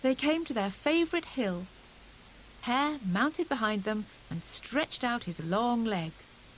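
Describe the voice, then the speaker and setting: A woman narrating a children's storybook audiobook in a gentle, expressive reading. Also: fairly high pitch, takes it slowly, slight background noise, rough recording.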